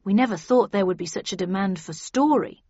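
An earnest male official in an audiobook lays out his case in a steady, lecturing way, voiced by a woman narrator. The recording is dry and a little dull, with no room sound. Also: medium pitch, a little fast, no room sound, close to an everyday voice. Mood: explaining. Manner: earnest, explanatory. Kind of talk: audiobook character reading.

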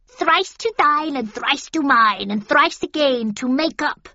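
Casting: a woman doing a chanting old witch hag, higher and slow, dull dry sound. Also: a bit bright, no room sound, exaggerated voice. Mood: wheedling. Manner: chanting archaic prophecies. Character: three ugly old female witch crones, pushy, cackling.

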